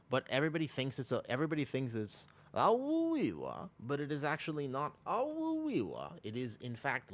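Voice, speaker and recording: Chatty male streamer with a sore throat. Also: medium pitch. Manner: rambling, self-correcting, chatty. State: sore throat, slightly sick. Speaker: game streamer. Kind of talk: casual livestream chat while gaming.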